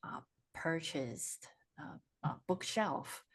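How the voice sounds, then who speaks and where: Woman host low voice, hesitant, casual video-call interview chat. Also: expressive, takes it slowly. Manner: hesitant, searching for words. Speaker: podcast host.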